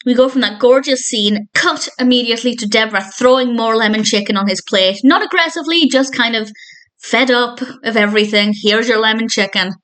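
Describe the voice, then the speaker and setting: Talking a little fast in a fairly high, fairly bright voice, a woman who reviews film and TV goes over a TV episode casually. Her retelling of scenes is thoughtful and enthusiastic, dotted with small self-corrections.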